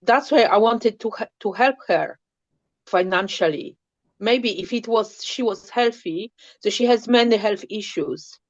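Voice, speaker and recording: A woman's voice: mid-range voice, a little slow, no room sound, muffled recording. Hesitant woman asking a question. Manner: hesitant, searching for words. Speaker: workshop participant. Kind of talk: halting question to host.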